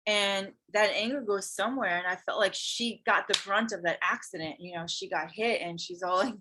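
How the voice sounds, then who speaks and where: A woman who teaches yoga and spirituality, telling a personal story in casual conversation, earnest and animated. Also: medium pitch, moderate pace, background noise. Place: Hawaii.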